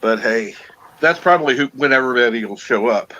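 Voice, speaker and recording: A man's voice: medium pitch, animated, fairly quick, sharp tone, muffled recording, a little hiss or hum. A man co-hosting a live morning talk stream, rambling casually with lots of fillers. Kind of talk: casual chat.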